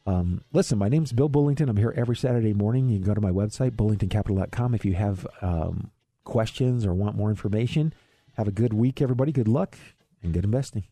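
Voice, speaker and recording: A middle-aged man from Ohio hosts a radio show about money, chatting in a folksy way and often chuckling between points. His voice sits low, mellow and a little husky. The studio sound is dry and close. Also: fast talker, dry recording. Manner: folksy and chuckling, with frequent fillers and restarts. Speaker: radio show host, financial advisor. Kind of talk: casual radio talk on investing.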